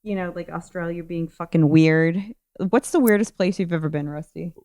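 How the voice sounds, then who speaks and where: Lower-voiced woman, blunt casual chat. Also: normal speed, warm tone, dry recording, clean studio sound. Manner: blunt, swearing. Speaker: podcast co-host.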